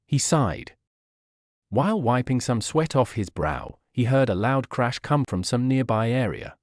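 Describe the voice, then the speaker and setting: A man reading a fan-fiction story aloud as narrator, with a steady, plain delivery. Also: medium pitch, moderate pace, dry recording, clean studio sound.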